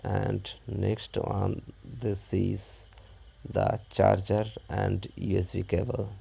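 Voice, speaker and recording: A man narrating an unboxing step by step in a halting, plain way. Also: low-pitched, completely flat delivery, vocal fry, mellow, slightly rough. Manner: halting, plain, describes each step as he does it. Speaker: unboxing vlogger.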